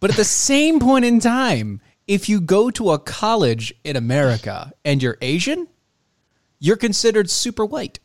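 Laughing panelist, lively pitch, dry close sound. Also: male voice, moderate pace, no echo. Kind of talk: casual chat.

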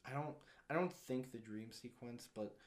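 A man's voice: mid-range voice, normal speed. A young man co-hosting a casual movie review chat, rambling and full of "like" and acted-out quotes. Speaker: co-host.

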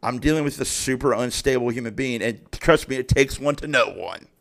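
A young man talks through his solo podcast in a loose, unscripted way. He swears constantly and gets worked up as he tells a story. His voice sits at an ordinary middle pitch for a man. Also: brisk, creaky. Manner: heavy profanity, animated and exasperated storytelling. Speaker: podcast host. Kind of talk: casual solo podcast rant.

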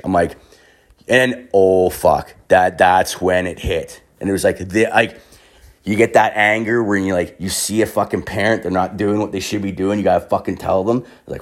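Low-voiced rambling young man, lots of cursing. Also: darkish tone. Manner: rambling, heavy swearing and filler "like". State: hungover. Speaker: vlogger telling a story. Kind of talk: casual profane storytelling.

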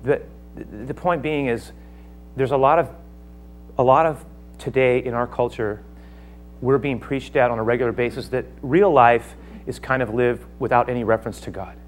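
A man preaches in a lively, theatrical way, acting out the voices of the speakers in his text. He swings from quiet, hushed lines to loud outbursts. A faint hum runs underneath. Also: mid-range voice, moderate pace. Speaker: pastor. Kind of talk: sermon.

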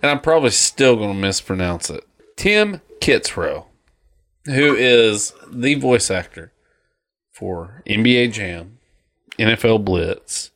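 A man in his thirties chats casually as a podcast co-host. He rambles and jokes, and his pitch swings up and down in an animated way. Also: takes it slowly. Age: 30s. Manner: rambling and jokey, lively pitch. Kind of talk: casual chat.

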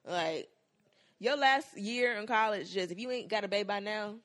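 A young woman co-hosting a podcast in casual chat, animated and acting out quoted lines with frequent laughs. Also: mid-range voice, normal speed. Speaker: podcast co-host.

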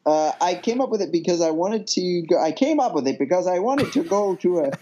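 A man's voice: high voice, animated, fairly quick, warm tone. A man co-hosting a podcast, chatting playfully and giggling often. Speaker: podcast co-host. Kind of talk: casual comedic chat. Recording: dull lo-fi mic with faint hiss.

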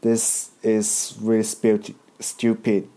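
A man's voice: fairly low pitch, monotone, slow, mellow. A man quoting a matter-of-fact old woman.

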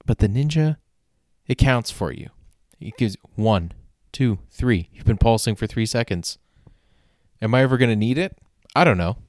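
Here the man's voice sits mid-range, expressive and darkish in tone, at a moderate pace. Hosting his podcast alone, he wanders through wry, self-deprecating chatter, frequently starting over and cursing casually. Studio-quality audio, no room sound.

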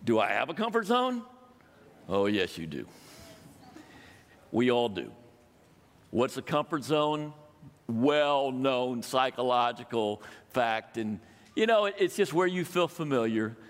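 A man's voice: mid-range voice, lively intonation, a little slow. An older man, a pastor, preaching a sermon in a conversational way and asking his congregation questions. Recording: long reverb of a hall.

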